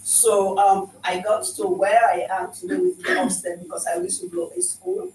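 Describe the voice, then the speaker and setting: A woman's voice: mid-range voice, big pitch swings, moderate pace, darkish tone. A woman passionately telling a personal story in a group discussion. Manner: emphatic, passionate. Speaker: speaker at a community event. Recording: echoey room, distant mic, noisy.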